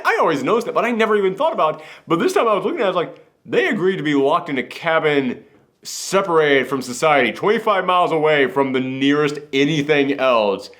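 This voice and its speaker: A young man co-hosting a casual film review, talking fast and loose and slipping into mocking voices of characters. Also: fairly high pitch. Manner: animated, jumps into mocking impressions. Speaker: podcast co-host. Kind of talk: casual movie review chat.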